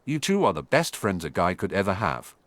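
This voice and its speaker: A man plays a tearful schoolboy wizard gushing with gratitude. The voice sits lowish. It sounds close and dry. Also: big pitch swings, fairly quick, no room sound. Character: sobbing grateful schoolboy wizard.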